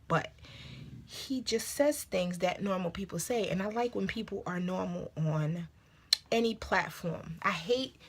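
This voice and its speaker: A woman's voice: on the high side, fairly bright tone, slightly rough. A woman vlogging at home in casual, candid chat, giving blunt opinions and dropping into whispered asides. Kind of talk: casual chatty vlog. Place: at home indoors.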